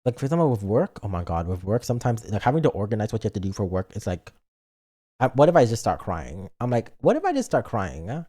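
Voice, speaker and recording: A man's voice: fairly low pitch, lively intonation, quick pace, warm tone. A man streaming live and chatting casually, playful and dramatic, acting out his own thoughts aloud. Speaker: virtual streamer.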